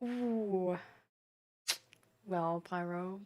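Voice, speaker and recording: A young woman streams and answers chat questions in a medium-pitched voice at a measured pace. Her casual talk rambles, and she fills every phrase with "like" and "um".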